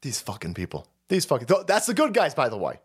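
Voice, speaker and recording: A man's voice: medium pitch, huge pitch swings, fast, slightly rough. A man hosting a political livestream, ranting in a heated, profane way. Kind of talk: ranting political commentary stream.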